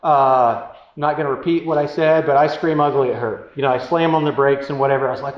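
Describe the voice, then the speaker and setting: A man's voice: medium pitch, steady tone, fast talker. A man giving relationship advice through a casual, candid story, self-deprecating and rambling with many fillers. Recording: roomy, dull sound with faint noise.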